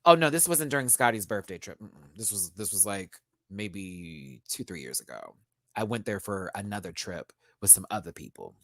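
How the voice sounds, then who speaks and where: A man hosting a live stream, telling a story in a casual, animated way straight to his viewers. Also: sits low, moderate pace, no room sound, studio quality. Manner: animated, chatty, addresses viewers as y'all.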